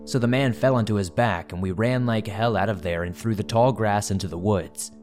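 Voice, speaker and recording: Male horror narrator, lowish voice, steady scripted reading, faint music under. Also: fairly quick.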